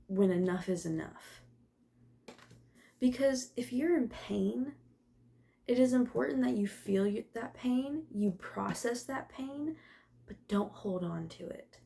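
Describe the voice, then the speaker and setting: A young woman gives a casual card reading in a gravelly, mellow voice. She talks in an emotional, open way, laughs easily and drops the odd swear word. Her pitch sits in the middle. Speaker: tarot reader.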